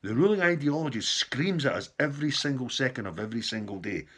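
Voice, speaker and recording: A man's voice: mid-range voice, animated, fast talker, fairly bright tone, slightly rough. A man from the United Kingdom delivering an angry, profane political rant to camera, often rising to furious outbursts. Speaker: political commentator.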